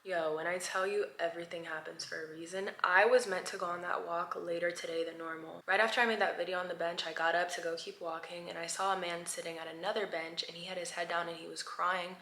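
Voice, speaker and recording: A woman in her twenties talking candidly in a casual vlog diary, swinging between soft murmurs and excited bursts. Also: on the low side, fast talker, hardly any pauses, slight background noise. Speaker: vlogger. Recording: echoey room.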